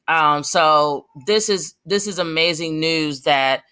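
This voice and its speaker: A woman's voice: deep voice, slow pace, sharp tone, clean tone. A young adult woman giving passionate, rambling commentary on her vlog, with many fillers and restarts. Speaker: vlogger.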